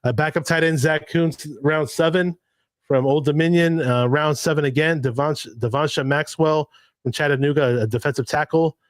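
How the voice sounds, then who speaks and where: A man hosting a casual football chat over a video call, excited and rambling. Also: on the high side, moderate pace, dry recording. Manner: excited, rambling, laughs often. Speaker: host.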